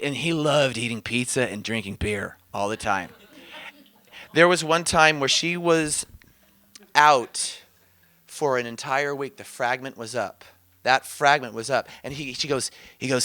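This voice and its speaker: Bright-voiced man telling healing anecdotes. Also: medium pitch, measured pace. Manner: animated storytelling, quotes others, laughs often. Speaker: teacher on inner healing. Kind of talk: conversational teaching with anecdotes.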